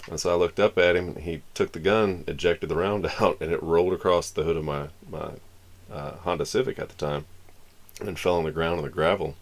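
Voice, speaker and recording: A man streaming live, telling a long story in a casual, rambling way and acting out the lines of the people in it. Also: deep voice. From Florida. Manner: rambling, acts out the dialogue of the people in his story.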